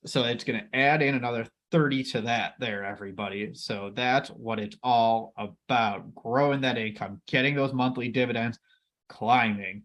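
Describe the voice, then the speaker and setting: Man, investing co-host, casual chat, upbeat, talks to viewers, mid-pitched voice. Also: measured pace, a bit bright. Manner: enthusiastic, addresses viewers as everybody.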